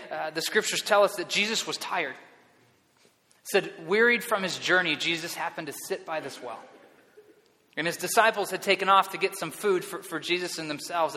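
A man with a high-pitched, bright, forceful voice preaches a sermon as pastor, the hall's long reverb trailing behind him. He's earnest and often repeats words as he restarts sentences.

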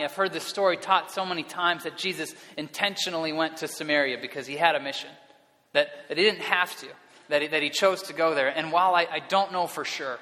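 A pastor delivers a sermon in a fairly high, bright, forceful voice, speaking earnestly and often repeating words as he restarts sentences. The recording carries the long reverb of a hall.

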